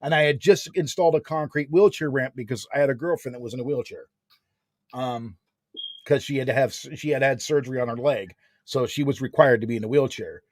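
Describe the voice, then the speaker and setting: A man in his forties telling a story in a casual chat, animated and slangy, peppering his talk with filler words. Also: mid-range voice, a little fast, dry recording. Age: 40s.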